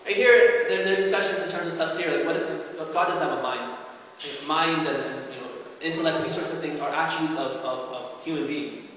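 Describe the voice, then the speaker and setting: A man's voice: a little high, a little fast, fairly bright tone, far from the mic, slight background noise. A man giving an earnest, explanatory religious lecture to a congregation, often checking in with his listeners. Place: large hall at an Islamic center. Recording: very echoey hall with long reverb.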